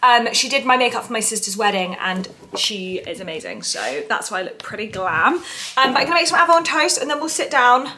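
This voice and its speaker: A woman's voice: a little high, very animated, quick pace, pushed and bright, slight background noise. A young woman in her twenties, chatting casually and upbeat to camera in her home kitchen. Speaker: vlogger. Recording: echoey room. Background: dishes and cutlery clatter.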